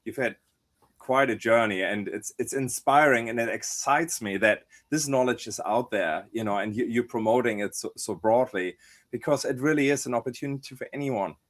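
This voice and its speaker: A man's voice: mid-range voice, normal speed. A man hosting a podcast, chatting casually with a hesitant delivery full of fillers and repeated words. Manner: warm-hearted, hesitant, many fillers and repeats. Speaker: podcast host. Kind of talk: casual interview chat.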